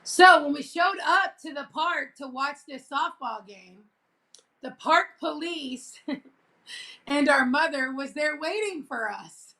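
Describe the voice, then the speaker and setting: Woman vlogging, high bright voice, chatty and animated, acts out the quotes. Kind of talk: casual storytelling.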